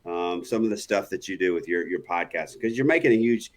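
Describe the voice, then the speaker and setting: A man's voice: deep voice, a little fast. Easygoing man hosting an interview. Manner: easygoing, affirming, frequent "yeah" and "uh". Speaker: podcast host. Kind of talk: casual interview chat.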